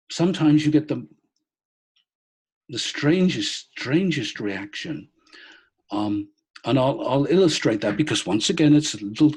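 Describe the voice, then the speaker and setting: Husky man telling a story. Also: mid-range voice. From Britain. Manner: hesitant, many restarts and ums. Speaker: guest speaker, former police officer. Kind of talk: storytelling over a video call. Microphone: laptop on a video call.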